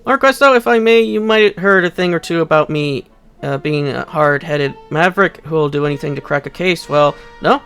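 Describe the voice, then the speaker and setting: A man's voice: fairly high pitch, a bit bright, clear, resonant tone, faint music behind. A man reading out a keen young cop. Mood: eager. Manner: earnest and brisk, reading game dialogue aloud. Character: eager young male cop, boastful maverick.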